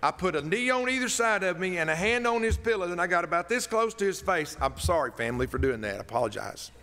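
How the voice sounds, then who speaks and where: A pastor giving a folksy, emotional funeral sermon that rises to loud emphatic peaks. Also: male voice, high voice, lively intonation, quick pace. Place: church sanctuary. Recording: long reverb in a church hall.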